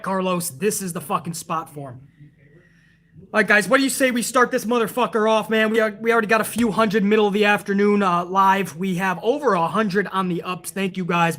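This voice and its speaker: A man with a bright, forward voice rants through a casual live stream, profane and exasperated. He mocks what he watched and swears freely, talking straight into a desk mic. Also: sits high. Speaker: wrestling show reviewer, live streamer.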